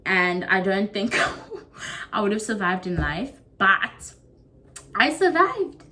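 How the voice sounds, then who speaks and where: A woman's voice: slow, noisy background. A young woman from South Africa with a South African accent, telling a story casually to camera and acting out what others said. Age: young adult. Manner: animated, acts out quotes with big pitch jumps. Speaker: YouTuber.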